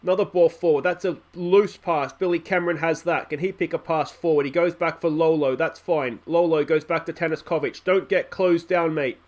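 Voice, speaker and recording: A man's voice: on the high side, fairly even intonation, a little fast, few pauses. A young man with an Australian accent commentating his own football management game in a chatty, self-mocking way. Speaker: gaming YouTuber. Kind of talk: let's play commentary.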